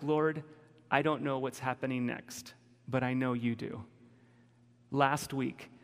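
A man delivers a candid, emotional sermon in a conversational way, his voice gravelly with creak. His voice rings with the long reverb of a church hall. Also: medium pitch. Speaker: pastor.

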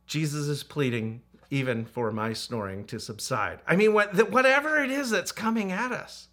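A man's voice: fairly high pitch, animated, unhurried, sharp tone. A man preaching a sermon as a pastor, earnest and repetitive, with playful asides to children.

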